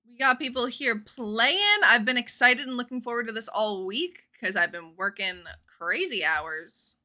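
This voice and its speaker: A woman streaming a game live, chatting casually with viewers in a bubbly, animated way and swearing freely. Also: on the high side, a little slow. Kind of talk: casual live-stream chat while gaming.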